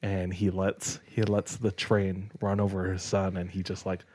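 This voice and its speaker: A man's voice: low voice, monotone, moderate pace, darkish tone, no room sound. A young man on a podcast, telling stories in casual chat, with lots of "like" and "dog.". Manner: laid-back storyteller, says "like" and "dog" a lot. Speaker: podcast co-host.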